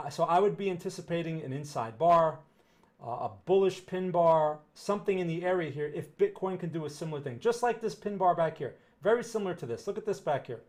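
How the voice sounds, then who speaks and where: Higher-voiced man giving casual market commentary. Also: a little mellow. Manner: conversational, restarts and repeats phrases for emphasis. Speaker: market analyst answering chat questions.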